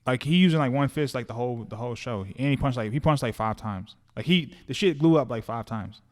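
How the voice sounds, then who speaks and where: A man co-hosting a podcast in casual chat about movies and shows, animated and slangy, repeating words and restarting his sentences often. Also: mid-range voice, fairly quick. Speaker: podcast co-host.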